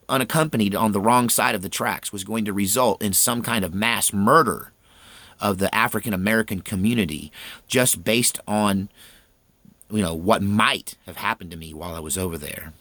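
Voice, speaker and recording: A man's voice: fairly low pitch, normal speed, fairly bright tone, no echo. A man in his fifties telling a personal story in a folksy, earnest, conversational way.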